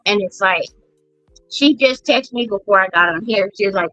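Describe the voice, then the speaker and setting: A woman's voice: medium pitch, moderate pace, bright, forceful tone, no echo, soft background music. A middle-aged woman hosting a podcast, telling family stories bluntly with plenty of swearing. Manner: blunt, profane storytelling. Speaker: podcast host. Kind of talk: casual chat. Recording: dull lo-fi sound.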